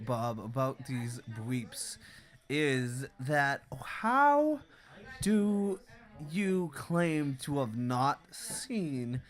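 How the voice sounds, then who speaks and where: A man's voice: mid-range voice, fairly bright tone. A man teasing and questioning a friend during a casual livestream chat, swearing freely.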